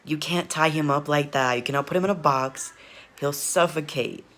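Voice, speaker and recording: A man's voice: on the high side, normal speed, fairly bright tone. A man casually reacting to a video, rambling, laughing often and repeatedly apologizing.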